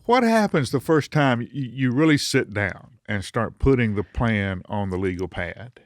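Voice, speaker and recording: A man's voice: mid-range voice, animated, a little slow, dry recording, studio quality. A man hosting a podcast interview, asking plain questions and chiming in with short affirmations. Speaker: podcast host. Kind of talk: casual interview.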